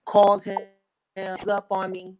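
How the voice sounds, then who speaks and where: A woman's voice: mid-range voice, monotone, slow, a little mellow, a little hiss or hum, poor audio. A young American woman telling stories in a blunt, profane, casual way. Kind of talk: casual chat.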